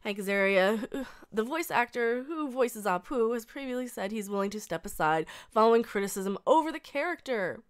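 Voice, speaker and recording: A woman's voice: fairly high pitch, animated, moderate pace, smooth. A woman in her thirties reading a news article aloud and breaking into blunt, profane rants, often restarting her sentences. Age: 30s. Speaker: reaction video host.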